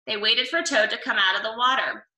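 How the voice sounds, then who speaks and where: A woman reading a children's storybook aloud in a clear, steady, gentle manner, in a roomy room with the mic at a distance. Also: fairly high pitch, brisk. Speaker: storybook reader.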